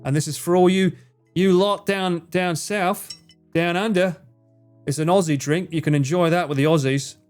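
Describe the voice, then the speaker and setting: A man's voice: sits high, fairly even intonation, moderate pace, darkish tone, smooth, faint music behind. A man chatting casually on a livestream, reading chat, swearing freely and bantering with a teasing tone.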